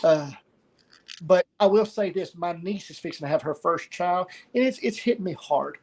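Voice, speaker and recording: A middle-aged man, telling a personal story of loss in a halting way, pausing and repeating words. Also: high voice. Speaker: guest sharing a story of loss.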